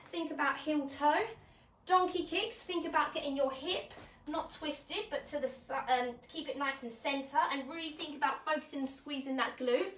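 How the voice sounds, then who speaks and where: A bright, high-voiced woman runs a live fitness technique class, talking chattily as she demonstrates each move. She sounds a little out of breath and encouraging. Her voice bounces around an echoey room. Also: far from the mic. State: slightly out of breath. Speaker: fitness coach.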